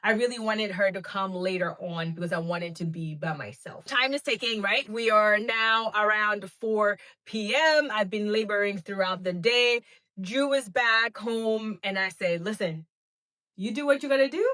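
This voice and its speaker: A woman in her thirties hosting a podcast, telling a personal story in a casual, lively way and acting out what people said. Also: medium pitch, moderate pace. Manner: animated, laughing, acts out quoted talk. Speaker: podcast host.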